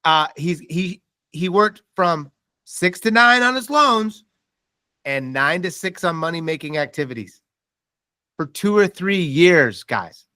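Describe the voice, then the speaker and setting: A man leads a mortgage sales seminar in a slightly high voice. He tells animated stories and acts out the lines of the people in them. The sound is dry and close, with no room echo. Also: slow pace. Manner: animated storytelling with quoted dialogue. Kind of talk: motivational seminar talk.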